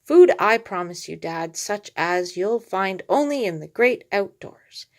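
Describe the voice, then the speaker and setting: A woman voicing an eager young male cartoon dog who flatters his dad with nicknames, read from a storybook. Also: mid-range voice, unhurried. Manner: cheerful, flattering, talks in rhyming nicknames.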